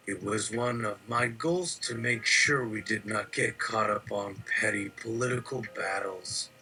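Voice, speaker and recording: A man telling an absurd story in a deadpan comic style. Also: mid-range voice, low-quality recording. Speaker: comedian. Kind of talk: comedic storytelling.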